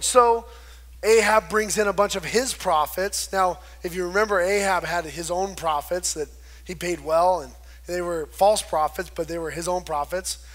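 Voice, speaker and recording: A man's voice: sits high, steady tone, moderate pace, a bit bright. A man preaching a conversational sermon, retelling scripture and acting out the quoted voices. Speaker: pastor.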